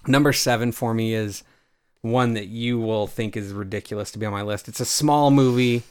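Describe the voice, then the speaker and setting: A man's voice: on the low side, steady tone, normal speed, clean tone. A man chatting casually about his movie ranking list, hesitant and restarting often.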